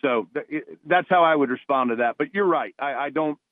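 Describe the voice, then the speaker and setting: A man's voice: fairly high pitch, a little fast, no room sound. A man from New Jersey calling into a radio show as a guest, telling heartfelt, rambling stories with many restarts. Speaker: guest, retired police officer and former college ballplayer. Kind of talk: phone-in radio interview. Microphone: phone. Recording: tinny phone line, dry.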